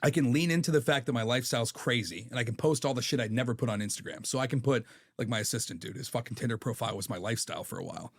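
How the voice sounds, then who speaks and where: A man's voice: medium pitch, rapid-fire, slightly rough. A man in his thirties, a podcast guest telling stories in a candid, profane way. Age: 30s. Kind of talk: casual chat.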